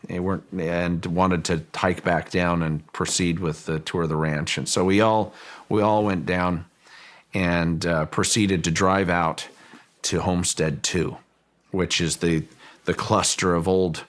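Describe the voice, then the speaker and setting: A middle-aged man, a property owner, recounting a personal story in an interview, halting and repeating words as he thinks. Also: deep voice, steady tone.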